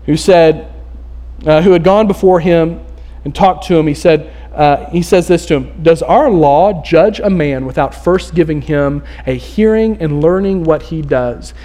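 Man, pastor, sermon, high voice, animated, casual storytelling. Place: church.

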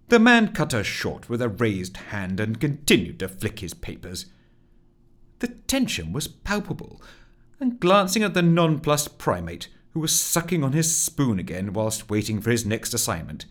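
A man narrating a comic story as an audiobook, with expressive storytelling. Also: fairly low pitch, normal speed.

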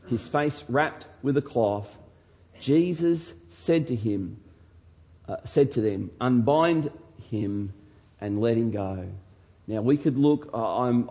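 A man preaching a sermon, reading scripture dramatically and bursting into loud shouts to act out the lines. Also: medium pitch, muffled recording. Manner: shouts dramatically when acting out quotes. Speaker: pastor.

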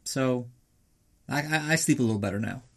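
A young man hosting a podcast, recapping a movie in a rambling, crude comic way. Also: moderate pace. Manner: rambling and crude, acts out characters in high voices. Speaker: podcast host.

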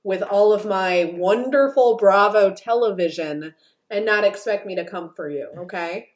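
Animated woman podcast host. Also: medium pitch, normal speed. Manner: animated, profane mock outrage. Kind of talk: casual chat.

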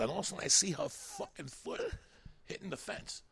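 A man's voice: mid-range voice, quick pace, creaky, husky, no room sound. A man telling rambling, profane stories as a comedian guest on a podcast. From New York. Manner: animated, swearing, rambling.

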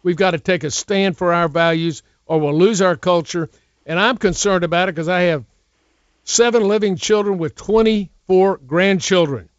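A man's voice: high-pitched, dry recording, highs cut off. An older man hosting a political radio talk show, speaking in an emphatic, urgent way.

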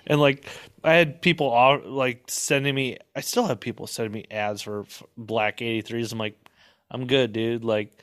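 A man's voice: medium pitch, steady tone, normal speed, hardly any pauses, a bit bright, clear, resonant tone, no room sound, studio quality. A man from the Midwest chatting casually on a podcast, laid-back, saying dude a lot with plenty of fillers. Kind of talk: casual chat.

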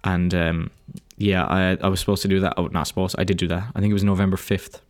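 Low-voiced, swearing Irish man. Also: little pitch movement, quick pace, dry recording, clean studio sound. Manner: rambling, profane, self-deprecating. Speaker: podcast host. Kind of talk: casual solo podcast monologue.

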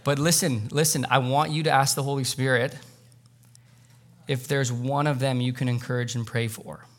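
A man's voice: medium pitch, steady tone, moderate pace. Earnest man preaching a sermon. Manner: earnest, conversational preaching with sudden loud emotional peaks. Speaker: pastor. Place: church sanctuary.

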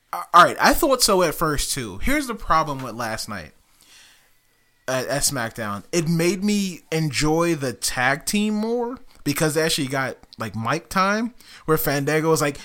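A man co-hosting a podcast in casual chat, excitable, laughing often and swearing freely. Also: fairly high pitch, unhurried. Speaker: podcast co-host.

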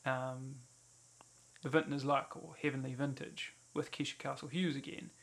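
A man's voice: medium pitch, level tone, normal speed, creaky, fairly bright tone. A man co-hosting a casual film podcast, with dry, wry asides. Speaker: podcast co-host.

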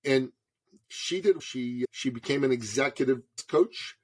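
A man in his forties, a podcast guest from Canada, telling a story in an animated way and calling the host brother. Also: mid-range voice, unhurried, slightly rough. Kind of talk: storytelling interview.

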